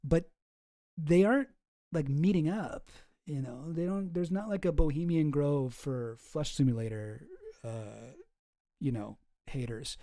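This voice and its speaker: Gravelly, rambling commentary host. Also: mid-range voice, measured pace, dark tone. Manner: rambling, profane, sarcastic. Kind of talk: casual commentary.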